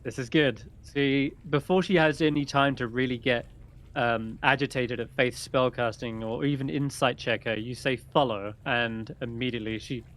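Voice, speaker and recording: A man narrating and ruling as game master in a relaxed, chuckling way. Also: mid-range voice, moderate pace.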